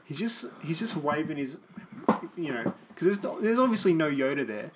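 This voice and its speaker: A man's voice: a little high, expressive, moderate pace, noisy background. A young man chatting casually and rambling with lots of fillers while watching a film. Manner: laughing, rambling, many fillers.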